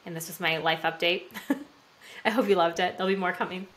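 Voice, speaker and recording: A woman in her thirties hosting her own podcast in casual solo talk, frank and swearing freely, acting out quotes with sudden jumps in pitch and volume. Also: brisk, fairly bright tone. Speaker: podcast host.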